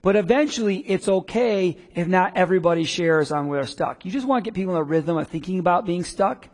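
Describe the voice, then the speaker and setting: A man leads a live business workshop with an energetic, conversational delivery, slipping into quick little acted-out quotes. His voice sits a bit high for a man. The sound carries the long reverb of a hall. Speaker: business coach.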